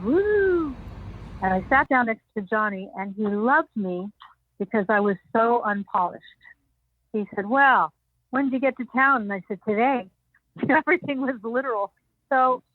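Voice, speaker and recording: Older woman telling lively stories over a tinny line. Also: medium pitch, dry recording. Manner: animated anecdotes, acting out others' lines with laughs. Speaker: guest. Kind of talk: storytelling interview. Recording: dry tinny phone-like sound.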